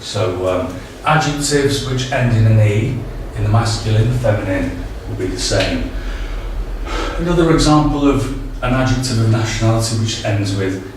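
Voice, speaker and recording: Male tutor, slightly low voice, halting delivery; distant, roomy recording with faint hiss. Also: expressive. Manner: hesitant, many ums and uhs. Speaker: language teacher. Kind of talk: casual spoken tutorial. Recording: very echoey, distant, faint background noise.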